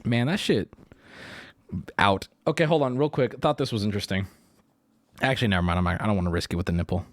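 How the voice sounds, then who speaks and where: A man's voice: lowish voice, fast, long pauses. A man hosting a livestream, reacting to a video with profane, exasperated casual commentary; his throat is swollen.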